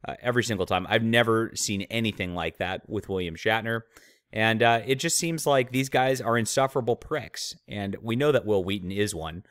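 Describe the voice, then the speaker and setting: A man with a somewhat low voice, hosting his own channel and delivering opinionated commentary full of mocking, scornful remarks. The sound is dry and close, with almost no room around it. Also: a bit bright, no room sound. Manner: mocking, sneering asides. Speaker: channel host, author.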